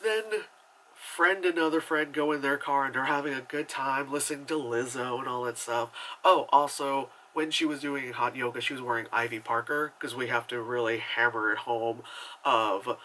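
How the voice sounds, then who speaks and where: Bright, rambling casual man. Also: medium pitch, moderate pace, rough recording. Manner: animated and rambling, full of fillers and asides. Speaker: movie reviewer. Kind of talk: casual chat.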